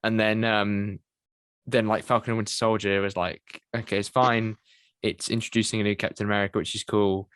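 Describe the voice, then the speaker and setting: A man's voice: fairly low pitch, little pitch movement, fairly bright tone, clean tone, no echo. Hesitant man, dry close sound. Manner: hesitant, measured, lots of restarts. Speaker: podcast host. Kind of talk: casual chat.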